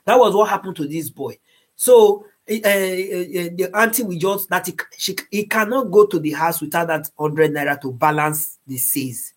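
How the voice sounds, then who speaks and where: A woman's voice: fairly low pitch, moderate pace, breathy edge. A woman with a Nigerian accent giving earnest moral advice, slipping into Pidgin phrases and repeating words as she searches for them.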